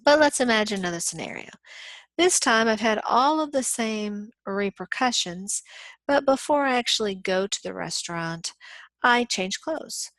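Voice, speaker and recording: A woman's voice: on the high side, animated, moderate pace, fairly bright tone, no room sound. A woman business law instructor giving a recorded lecture, explaining through acted-out everyday scenarios with frequent "um"s.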